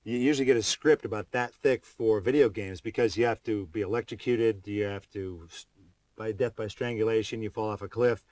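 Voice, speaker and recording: A middle-aged actor in an interview clip, talking in a joking, deadpan way. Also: male voice, on the low side, brisk, dry recording.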